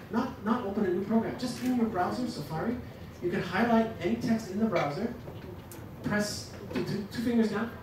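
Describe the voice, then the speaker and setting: A man leading a teaching workshop, lively and joking as he demonstrates to the audience. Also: sits high. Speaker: workshop presenter. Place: lecture room. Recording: echoey hall from a distance, noisy.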